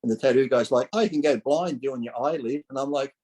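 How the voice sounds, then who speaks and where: A man's voice: medium pitch, fast talker, poor audio. A man in his forties, a podcast guest telling stories in casual chat, acting out what people said, swearing freely and laughing often. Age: 40s. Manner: animated, acts out quoted voices, swears freely, laughs often. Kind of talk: casual storytelling.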